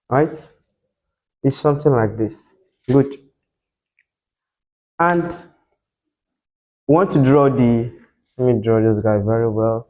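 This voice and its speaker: A man's voice: medium pitch, a little slow, pauses often, darkish tone, highs cut off. A man teaching a whiteboard lesson as a tutor, asking the class questions and repeating key terms for them to answer.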